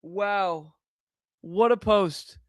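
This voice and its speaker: This giggling streamer speaks at a medium pitch, drawing words out in a clear, resonant tone. Reading posts aloud for casual reaction commentary, they keep breaking into laughter and toss around "dude" and "man" in a slangy, loose way. Dry, studio-quality audio.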